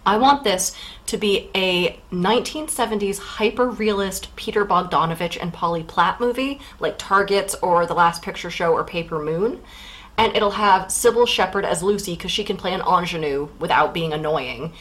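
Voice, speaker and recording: A woman's voice: on the low side, fairly bright tone, low-quality recording. Wry, candid woman podcast host. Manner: candid, wry, quick asides. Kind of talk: casual book-discussion chat.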